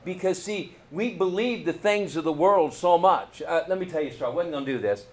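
A middle-aged man with a Kentucky accent, a pastor telling a story in a folksy, animated sermon and calling out to the congregation. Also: on the high side, a little fast.

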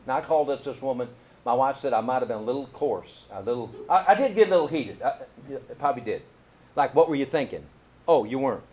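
Kentucky preacher guy, middle-aged, folksy and animated, keeps asking the church "amen?". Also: mid-range voice, brisk. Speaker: pastor. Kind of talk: storytelling sermon.

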